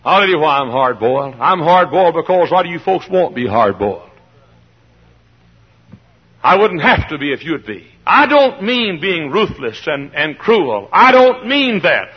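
Impassioned husky preacher man, lo-fi. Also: fairly high pitch, big pitch swings, normal speed. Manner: impassioned, swings from hushed to shouting. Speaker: pastor. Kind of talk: fiery sermon. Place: church. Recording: dull lo-fi old sermon recording.

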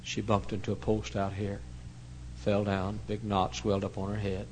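A male pastor telling a story in a sermon, swinging from hushed to loud. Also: fairly low pitch, monotone, normal speed, slight background noise, low-quality recording.

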